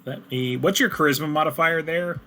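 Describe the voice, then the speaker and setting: A man's voice: a little high, moderate pace, noisy background. A man narrating as game master, describing scenes casually with many fillers.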